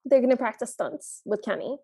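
Mellow higher-voiced woman co-host. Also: expressive, fairly quick, no room sound. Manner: easygoing, chiming in with agreement. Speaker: podcast co-host. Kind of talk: casual movie recap chat.

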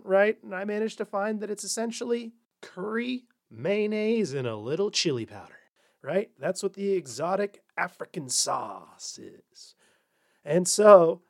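A man's voice: high-pitched, a little mellow. A man hosting a comedy podcast, delivering a sarcastic monologue and slipping into mocking corporate voices. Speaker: podcast host.

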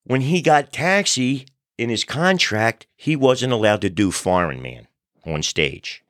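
A man hosting a podcast, telling funny stories in a relaxed, animated way. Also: mid-range voice, unhurried, no echo, studio quality. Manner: animated storyteller, acts out crowd voices. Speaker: podcast host. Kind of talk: casual storytelling chat.

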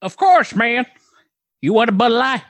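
A man's voice: extremely high pitch, sing-song, unhurried, a bit bright, no room sound, exaggerated voice. A man voicing a simple, friendly rural man with a folksy drawl. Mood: hearty.

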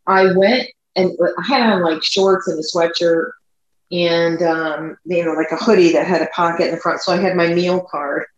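Low-voiced woman telling a story in an echoey room. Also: steady tone. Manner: chatty, rambling, speeds up and slows down. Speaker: podcast co-host. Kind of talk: casual storytelling chat. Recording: echoey room, dull lo-fi sound.

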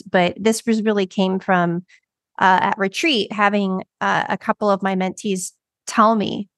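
A woman's voice: medium pitch, no room sound, studio quality. A woman co-hosting a coaching podcast, explaining her methods step by step in a reflective way. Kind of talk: casual podcast conversation.

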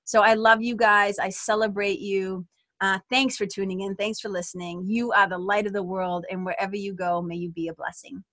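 Earnest bright-voiced woman podcast host. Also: medium pitch, fairly even intonation, moderate pace, no room sound. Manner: earnest, direct address to listeners. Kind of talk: spiritual self-help monologue. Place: small closet.

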